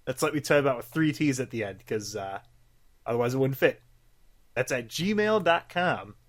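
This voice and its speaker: A man's voice: medium pitch, expressive, normal speed. Rambling young podcast guy. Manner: rambling, lots of filler words and swearing. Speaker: podcast co-host. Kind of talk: casual podcast chat.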